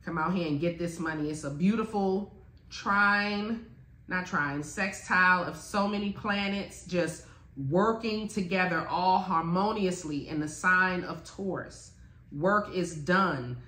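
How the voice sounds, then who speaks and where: A woman giving a blunt, profane, animated motivational talk as a spiritual teacher. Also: lowish voice, unhurried. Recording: echoey room.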